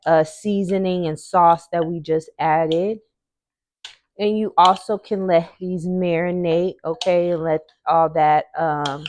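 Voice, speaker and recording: A woman's voice: fairly low pitch, darkish tone, slight background noise. A woman hosting her own home cooking show, talking viewers through a recipe in a chatty, encouraging way.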